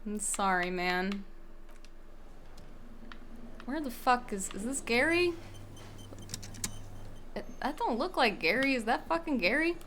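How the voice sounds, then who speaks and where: A woman's voice: a little high, expressive, takes it slowly, long pauses, fairly bright tone, a little hiss or hum. A young woman streamer giving rambling, swearing commentary while playing a game. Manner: swearing, rambling, self-interrupting. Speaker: let's-play streamer.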